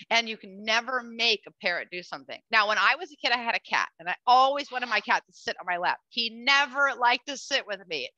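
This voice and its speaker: Female bird-show host for kids. Lively, swooping delivery with a bright tone, dry lo-fi recording. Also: fairly high pitch, dry recording. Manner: animated, chatty, coos at the bird and addresses the audience. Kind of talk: live educational animal show for children. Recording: dull lo-fi dry sound.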